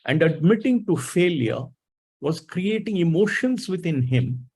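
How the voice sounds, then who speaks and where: A man's voice: on the high side, expressive, a little slow, darkish tone, breathy edge, rough recording. A middle-aged man speaking in a webinar talk, telling a coaching story in a reflective way and acting out the lines of the people in it. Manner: reflective, acts out quoted dialogue.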